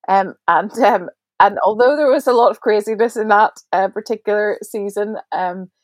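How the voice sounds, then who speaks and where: A woman's voice: medium pitch, normal speed, no echo. A Northern Irish woman in her forties, a guest on a faith podcast, talking in a chatty, reflective way with many fillers and restarts. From Northern Ireland. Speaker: guest, prayer ministry leader.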